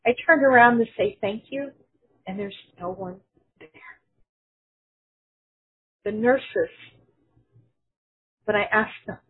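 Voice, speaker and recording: A woman's voice: medium pitch, slow pace, long pauses, slightly rough. A woman sharing a personal testimony in an earnest storytelling manner, quoting others in her own voice. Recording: phone-like narrow sound.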